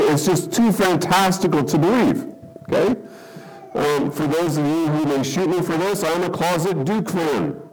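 A man preaching a sermon in a conversational, animated way, often checking in with "okay?" and acting out people's reactions. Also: fairly high pitch, poor audio. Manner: says "okay?" often to the congregation. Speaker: pastor.

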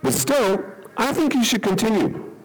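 A man's voice: sits high, moderate pace, husky, rough recording. A man preaching a sermon, telling a story and then reading scripture in a conversational way. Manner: conversational, checks in with "okay?". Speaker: pastor.

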